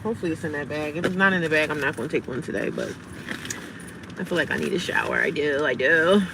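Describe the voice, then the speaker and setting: A woman's voice: sits low, quick pace. A woman live-streaming outdoors in the cold, talking casually to her viewers and to herself. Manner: chatty, talks to herself, animated when retelling. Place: outdoors in the cold, near cars. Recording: outdoor phone audio with clear street noise.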